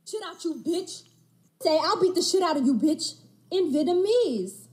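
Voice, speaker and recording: A woman's voice: extremely high pitch, lively intonation, moderate pace, a little mellow. A woman giving a mock language lesson, repeating phrases with a drilled, instructive cadence.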